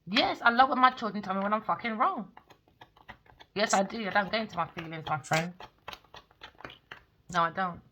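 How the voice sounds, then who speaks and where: A woman giving a spoken tarot reading, blunt and excitable, swearing freely. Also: mid-range voice, moderate pace, pauses often, muffled recording, background noise. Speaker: tarot reader.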